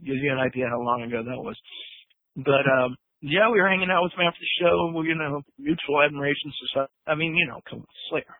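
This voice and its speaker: A man telling a lively story as a guest musician, laughing and swearing as he acts out what others said, on a phone line. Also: on the high side, fast, no room sound. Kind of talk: animated storytelling.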